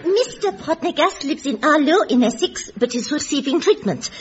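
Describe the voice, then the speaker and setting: A woman plays a chirpy game show hostess with a very high, lively voice. The old radio recording is dull, with clear noise behind her. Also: normal speed. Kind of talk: comic radio sketch.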